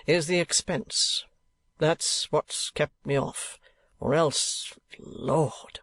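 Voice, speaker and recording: A man voicing a pompous, penny-pinching older male rate collector, slow and fussy in his talk. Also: a little high, steady tone, gravelly, fairly bright tone, no room sound, exaggerated voice.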